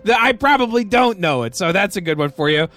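A man's voice: high-pitched, animated. A man hosting a comic morning radio show, joking his way through calls. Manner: quick, jokey, taking calls. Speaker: radio host.

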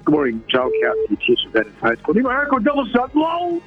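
A man voicing a relaxed high-school teacher caller who talks deep and deadpan with sudden high jumps. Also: fast talker, soft background music, exaggerated voice. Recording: muffled phone line.

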